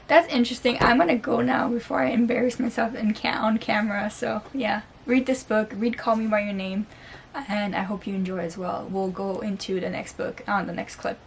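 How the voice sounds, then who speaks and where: A woman's voice: mid-range voice, steady tone, a little fast, gravelly, a little hiss or hum. A woman book vlogger in casual vlog chat, gushing and earnest, with lots of "like" fillers. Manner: chatty, gushing, peppered with "like"; earnest and openly emotional.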